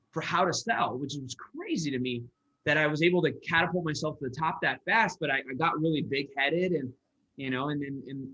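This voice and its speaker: A man's voice: a little high, bright, forceful tone, breathy edge. A man from Michigan, a sales coach, telling a personal story in an earnest, rambling way with many restarts. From Michigan, USA. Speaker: guest, entrepreneur and sales coach. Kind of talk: personal storytelling in a podcast interview. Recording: dull lo-fi audio.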